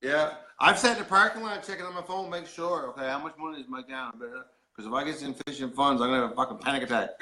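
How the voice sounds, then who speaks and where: A man's voice: medium pitch, fast, pushed and bright. A man with a Newfoundland accent hosting a casual video chat, joking, swearing freely and laughing often. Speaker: host.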